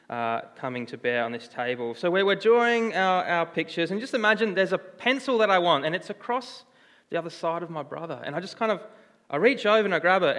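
A young man preaching a sermon in a chatty, animated storytelling way, with restarts. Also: a little high. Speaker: pastor. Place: church hall. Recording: long church reverb.

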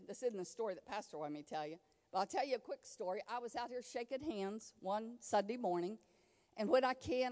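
A woman's voice: on the high side, a little mellow, long reverb tail. A woman pastor preaching a sermon in a church, emphatic and folksy, acting out quoted dialogue. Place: church sanctuary.

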